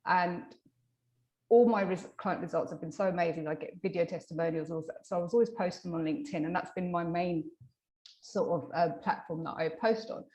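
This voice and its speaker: Animated woman telling a client story. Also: fairly low pitch, fairly quick. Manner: animated, acts out quoted dialogue; many fillers and restarts. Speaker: hypnotherapist guest. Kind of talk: casual storytelling interview.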